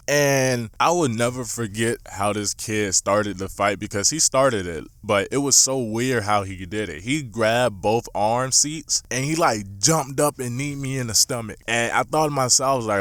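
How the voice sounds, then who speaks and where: A young man in his late teens telling a storytime vlog in an animated, slangy, profane way. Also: lowish voice, moderate pace, few pauses, dry recording, clean studio sound. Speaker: YouTuber.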